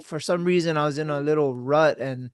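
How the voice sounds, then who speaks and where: A man's voice: on the high side, fairly quick, clean tone, no echo, studio quality. A man hosting a podcast, laid-back and encouraging, with casual slang. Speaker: podcast host.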